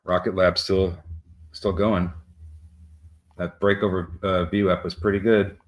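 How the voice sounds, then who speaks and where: A man co-hosting a live market show who talks through price levels in a halting way with many filler sounds. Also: low voice, flat delivery. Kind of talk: live trading commentary.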